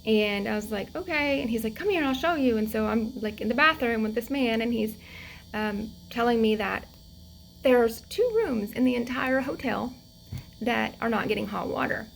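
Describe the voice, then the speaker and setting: Chatty woman with a gravelly edge. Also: fairly high pitch, normal speed, slight background noise, poor audio. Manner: chatty, animated impressions, laughs often. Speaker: vlogger. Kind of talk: casual storytelling.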